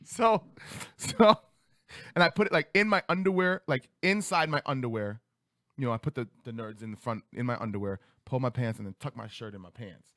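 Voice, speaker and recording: A man in his thirties telling a childhood story on a radio talk show, acting out voices with big jumps in pitch. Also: brisk, dry recording, studio quality. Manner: animated, acts out quotes with big pitch jumps. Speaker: podcast host. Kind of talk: casual storytelling. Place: studio.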